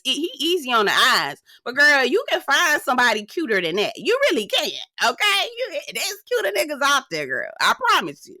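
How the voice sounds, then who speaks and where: A woman's voice: moderate pace, hardly any pauses, dry recording, clean studio sound. A woman recapping a reality show in casual commentary, sassy and chatty, calling the viewer "girl". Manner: animated, swinging up high for emphasis. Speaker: reality TV reviewer.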